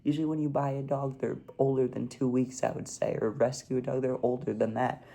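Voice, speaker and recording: A man's voice: medium pitch, flat delivery, brisk, creaky, warm tone. A young man telling a casual storytime vlog, laid-back and peppering his talk with "dude" and "like". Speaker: vlogger.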